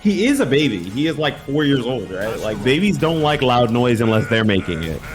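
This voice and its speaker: A man doing casual, jokey esports commentary on a fighting game tournament, excitable and full of swearing. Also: mid-range voice, moderate pace, music in the background.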